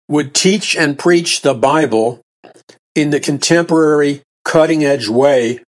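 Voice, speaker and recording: A man preaching a sermon, emphatic, often repeating and restarting phrases and rising to bursts of intensity. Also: mid-range voice.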